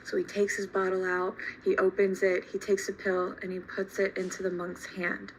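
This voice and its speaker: A woman teacher telling a story to her class in an animated, emphatic way. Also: mid-range voice, normal speed, a little hiss or hum, rough recording. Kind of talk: storytelling lesson.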